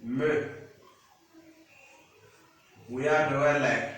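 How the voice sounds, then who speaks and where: Man, French teacher, patient, repeats himself, slightly high voice, very echoey. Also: lively intonation, takes it slowly, a bit bright. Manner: patient, repeats words, checks understanding. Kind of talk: slow classroom-style teaching. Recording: echoey room, distant mic.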